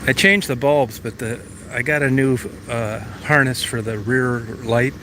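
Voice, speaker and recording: A man's voice: mid-range voice, measured pace. A middle-aged man chatting casually outdoors beside an old van, plain-spoken and folksy with the odd curse. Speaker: vlogger. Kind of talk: casual chat. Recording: noisy outdoor recording with engine sounds. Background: vehicle and engine noise.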